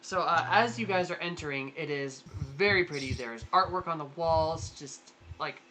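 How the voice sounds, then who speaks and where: A game master narrates a tabletop role-playing game in a mid-range voice at moderate pace, with crowd noise in the background. His narration rambles, full of fillers, many "likes," and restarts.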